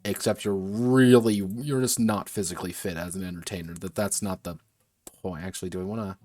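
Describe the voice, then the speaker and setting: A man's voice: low voice, steady tone, fairly quick, dark tone, no echo. A man streaming as he designs a tabletop game, thinking aloud in a muttering way, often correcting himself and swearing casually.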